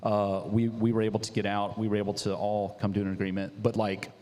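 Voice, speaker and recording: Casting: lower-pitched male founder, excitable storyteller, long room reverb. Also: brisk. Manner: animated, lots of "dude" and "like". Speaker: business founder. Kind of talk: casual storytelling.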